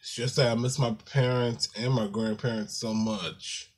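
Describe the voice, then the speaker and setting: A man vlogging to his viewers in a casual, halting and apologetic way, calling them "y'all". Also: mid-range voice, fairly even intonation. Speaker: YouTuber. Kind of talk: casual talk to camera.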